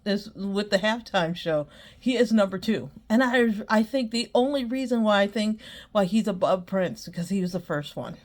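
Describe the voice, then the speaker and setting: A woman hosting her own podcast, chatting casually and rambling, often breaking into giggles. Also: medium pitch. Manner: rambling, many fillers. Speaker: podcast host. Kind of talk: casual solo chat.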